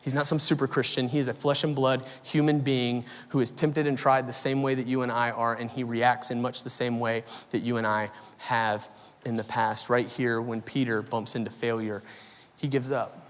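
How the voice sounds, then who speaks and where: A man's voice: medium pitch, normal speed. Male pastor preaching in a reverberant hall. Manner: animated storytelling, voices swing loud and soft. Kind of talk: sermon. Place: large church auditorium.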